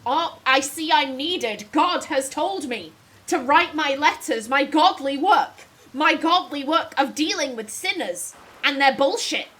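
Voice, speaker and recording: A woman voicing a zealous, self-righteous nun with a loud, sanctimonious manner. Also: sits high, animated, unhurried.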